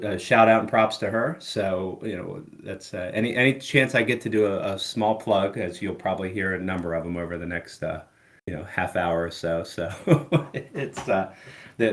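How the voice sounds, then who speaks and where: A middle-aged man, a musician guest in a casual interview, talking in a relaxed, rambling way full of fillers. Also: low voice. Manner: relaxed, rambling, many "you know" fillers.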